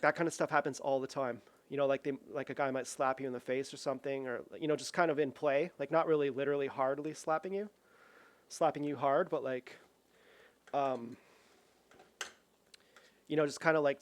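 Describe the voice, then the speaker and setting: A young man tells a rambling story while cooking at home, with lots of "like", restarts and acted-out quotes. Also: mid-range voice. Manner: rambling, full of "like" and restarts, acts out quoted voices. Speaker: vlogger.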